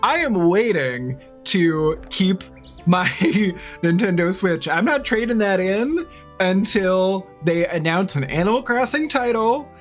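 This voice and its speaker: A chatty woman streamer talks with her live audience into a desk mic. Her pitch moves a lot, and she laughs easily. Soft music plays quietly in the background. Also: lively intonation, slow pace. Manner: chatty, bubbly, laughs often. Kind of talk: casual live-stream chat.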